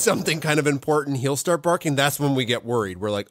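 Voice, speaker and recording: A man hosting a podcast and moderating a live Q&A, easygoing and quick to laugh. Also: medium pitch, dry recording, clean studio sound. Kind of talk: casual live audio chat.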